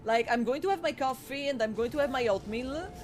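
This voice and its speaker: A playful woman with an Italian accent chats to her stream audience as she plays, cracking jokes along the way. Her voice sits a little on the high side. A steady layer of noise runs under her home microphone. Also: fairly quick. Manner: playful, jokey, addresses chat. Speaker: game streamer. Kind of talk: casual live-stream commentary.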